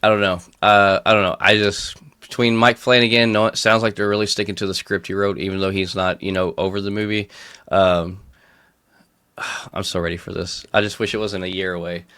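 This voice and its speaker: A man's voice: low voice, flat delivery, a little fast, sharp tone, clear, resonant tone, no room sound, clean studio sound. A man co-hosting a casual pop-culture podcast, rambling with lots of fillers and restarts and laughing often. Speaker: podcast co-host.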